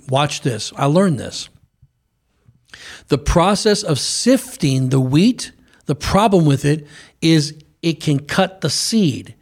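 A man's voice: a little high, lively intonation, slow pace. A man preaching on a broadcast program, speaking fervently with frequent restarts. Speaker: preacher and co-host.

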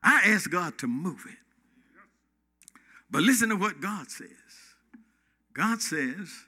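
A man preaching a call-and-response sermon, emphatic and rhythmic, repeating phrases and swinging from shouts to near-whispers. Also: high-pitched, lively intonation, slow pace.

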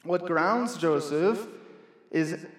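A man's voice: fairly high pitch, drawn-out words. A young man preaching a sermon in a church, earnest and conversational, repeating key phrases for emphasis. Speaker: pastor. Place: church hall. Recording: echoey hall from far off.

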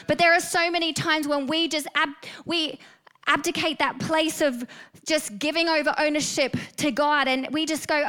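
A woman's voice: sits high, steady tone, moderate pace, a bit bright. A woman with an Australian accent preaching a sermon, earnest and storytelling, rising to fervent emphasis.

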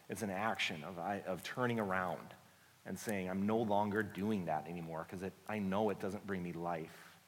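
Low-voiced man preaching in a reverberant hall. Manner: conversational, earnest, drops soft and slow for reassuring lines. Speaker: guest preacher, book author. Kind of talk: sermon. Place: church sanctuary. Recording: long church hall reverb.

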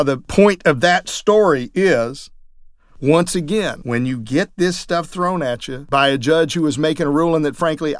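A man, a trial lawyer, telling courtroom stories in a lively way, acting out what others said. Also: fairly high pitch, dry recording, clean studio sound. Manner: lively, acts out quoted voices. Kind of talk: anecdotal storytelling talk.

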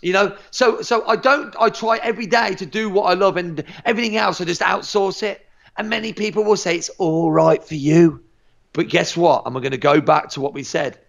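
A martial arts instructor talking on a podcast, energetic and emphatic, swearing freely and tripping over repeated words. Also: male voice, sits high, brisk, gravelly, muffled recording. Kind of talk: motivational podcast chat.

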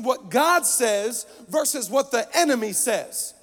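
A young man preaching a sermon at a conference, swinging between shouted lines and quieter storytelling. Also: very high-pitched, takes it slowly. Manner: energetic, shouting punchlines then dropping to storytelling. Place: large conference hall. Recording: long hall reverb.

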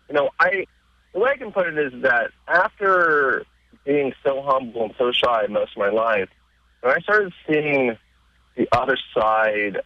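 A man being interviewed on radio, telling stories casually and getting excited, his voice jumping up in pitch as he retells scenes. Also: dry recording, muffled recording. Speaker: interview guest.

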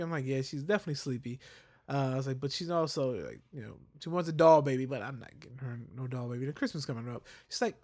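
A man's voice: medium pitch, quick pace, a little mellow. A young adult man telling a story in a casual chat, acting out the voices of the people in it. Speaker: podcast co-host.

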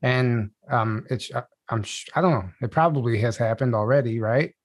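A male host interviews a guest with a dry, close sound and an ordinary pitch. He speaks hesitantly and thinks aloud between questions. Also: moderate pace, no room sound. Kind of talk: casual interview.

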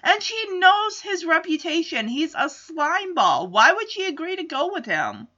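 Animated, opinionated woman recapping a show. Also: extremely high pitch, measured pace. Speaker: reviewer recapping a TV episode. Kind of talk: casual recap commentary. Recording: slightly dull lo-fi audio.

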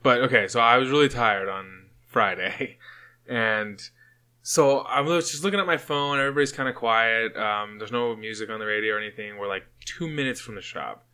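Bright-voiced young man, lowish pitch. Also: moderate pace, clear, resonant tone. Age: young adult. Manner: profane, laughing storyteller. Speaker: podcast co-host. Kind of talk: casual chat.

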